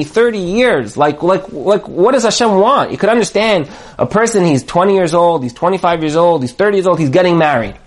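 Animated high-voiced man giving a motivational talk. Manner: animated, acts out quoted voices. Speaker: marriage coach.

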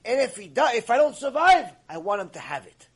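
A man acting out a frightened fugitive urgently explaining himself, in a husky voice. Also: very high voice, very animated, a little fast, full character voice.

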